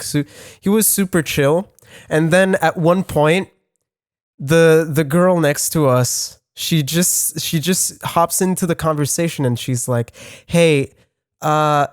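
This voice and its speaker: A man's voice: on the high side, smooth, dry recording, studio quality. A man telling a story on a casual podcast, stumbling over restarts and swearing often. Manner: halting, with many restarts and heavy swearing. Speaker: podcast co-host.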